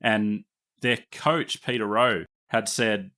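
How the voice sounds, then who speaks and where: Australian man narrating a podcast, deep voice. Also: steady tone, slow, bright, forceful tone. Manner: explanatory, chatty, laughs easily. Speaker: podcast host. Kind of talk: casual history podcast narration.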